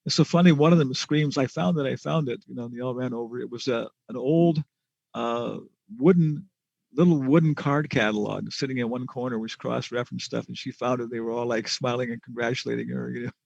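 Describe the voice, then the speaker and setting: A man's voice: medium pitch, brisk, gravelly, darkish tone, no room sound, muffled recording. A man giving a scripture class lecture, telling stories in a chatty way with restarts and chuckles. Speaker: spiritual teacher.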